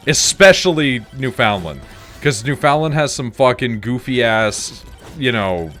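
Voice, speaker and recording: A man's voice: medium pitch, animated, unhurried, fairly bright tone, soft background music. A Canadian man rambling casually while gaming, swearing freely and filling his talk with "like". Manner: rambling, profane, heavy on fillers. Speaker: gaming streamer.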